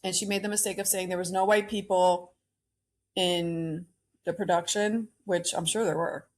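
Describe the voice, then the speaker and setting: A woman's voice: lowish voice, fairly even intonation, normal speed. A woman hosting a solo podcast, ranting bluntly and opinionatedly about pop culture and swearing freely. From Cuban-American. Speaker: podcast host.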